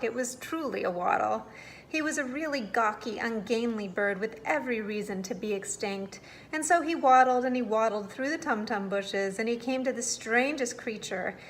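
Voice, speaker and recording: A woman reads a children's bedtime storybook aloud with expressive, animated narration. Her voice sits a little high. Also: normal speed, slight background noise.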